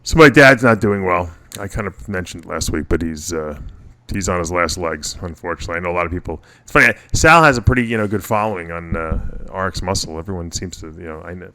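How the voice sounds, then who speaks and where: A man's voice: deep voice, pushed and bright. A middle-aged man hosting a casual radio show, telling personal stories in a rambling way with many restarts. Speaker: podcast host.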